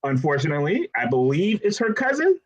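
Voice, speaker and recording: A man's voice: on the high side, wildly swooping pitch, brisk, lo-fi sound, crowd noise. A man co-hosting a casual podcast who recaps episodes with wry jokes. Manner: joking, wry. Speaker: podcast co-host. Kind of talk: casual chat, recapping a show.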